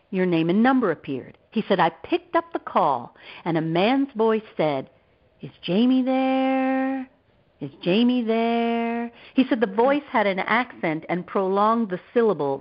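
A woman guest author and therapist telling a personal story in an interview, acting out the voices of the people she quotes. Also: on the low side. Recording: dull lo-fi audio.

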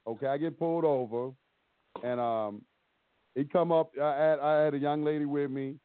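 Animated man on a tinny phone line. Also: on the high side, normal speed. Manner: animated, acts out both sides of dialogue. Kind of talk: casual storytelling on a call-in show. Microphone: phone call.

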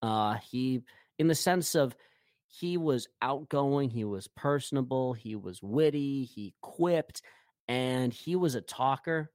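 A man's voice: mid-range voice, a little mellow, no echo, studio quality. A man co-hosting a podcast in casual hockey chat, rambling with many fillers and restarts. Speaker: podcast co-host.

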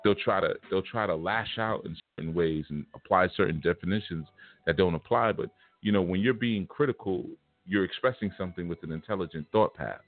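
A man with a very deep, low voice gives a casual spiritual lecture. He talks bluntly and punchily, and the sound comes through thin and phone-like over faint background music. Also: fairly quick. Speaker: spiritual teacher.

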